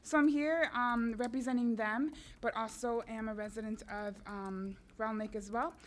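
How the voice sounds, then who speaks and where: A woman's voice: a little high, fairly even intonation, moderate pace. Hesitant young woman student at public comment. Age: young adult. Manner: hesitant, many fillers. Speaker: college student and intern. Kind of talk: public comment at a council meeting.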